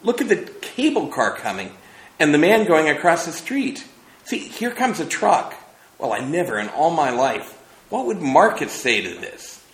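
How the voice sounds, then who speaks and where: A lecturer puts on a wide-eyed young man gasping at moving pictures, his voice jumping well above its usual low register. He exclaims in delight, and the words ring out in a roomy hall. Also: measured pace. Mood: awestruck. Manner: excited, exclaiming. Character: excited awestruck young man at a picture show.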